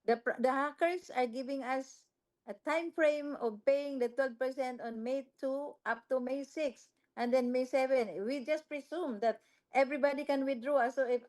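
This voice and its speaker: A woman speaks over a video call from a small office kitchen, her voice slightly high. She explains and reassures in a halting, searching way as she answers the group's questions. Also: darkish tone.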